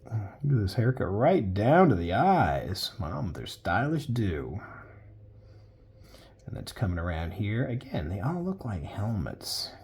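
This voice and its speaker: A man's voice: on the low side, huge pitch swings, slow, a little mellow, slightly rough. A man chatting casually while he sketches live, rambling into jokey stories as he goes. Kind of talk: casual commentary while drawing.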